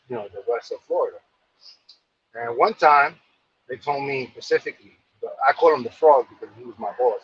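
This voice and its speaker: A man's voice: medium pitch, lo-fi sound, a little hiss or hum. A man from New York casually telling a long, rambling story, full of fillers and repeated phrases.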